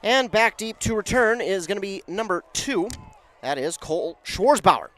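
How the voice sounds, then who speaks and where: A man calling a local high school football game, chatty and self-correcting, rising in pitch and volume on big plays. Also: lively intonation, moderate pace, fairly bright tone. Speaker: play-by-play announcer. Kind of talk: local football play-by-play commentary.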